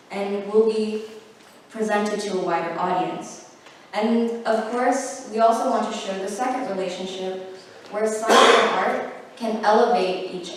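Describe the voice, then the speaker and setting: A woman's voice: medium pitch, a little hiss or hum. A young woman giving a casual presentation with plenty of fillers and self-corrections, a little short of breath. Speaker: guest speaker. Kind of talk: presentation talk. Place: large hall. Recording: echoey hall, far from the mic.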